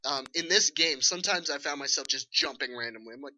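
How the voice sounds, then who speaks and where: A man casually reviewing a video game with a co-host, animated, laughing and swearing as he talks. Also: on the high side, quick pace, hardly any pauses, poor audio. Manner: animated, swearing, laughing, acts out enemy shouts.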